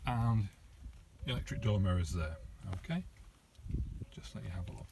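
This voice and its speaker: A man's voice: lowish voice, expressive, moderate pace, gravelly, noisy background. A British man giving a chatty, informal walkaround of his car, with lots of ums and casual asides. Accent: British English. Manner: chatty, filler-heavy, informal. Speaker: private car seller. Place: inside a parked car.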